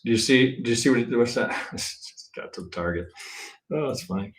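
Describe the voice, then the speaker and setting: A man teaching trading in a live-stream chart review, thinking aloud in a blunt, profane way and tagging his points with a quick "right?". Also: medium pitch, big pitch swings. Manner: thinks aloud, counts waves, restarts often. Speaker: trading instructor.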